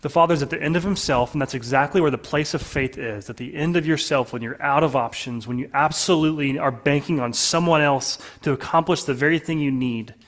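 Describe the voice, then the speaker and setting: A man preaching a sermon to his congregation in an earnest way, often dropping to a soft, low voice for emphasis. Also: brisk, few pauses. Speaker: pastor.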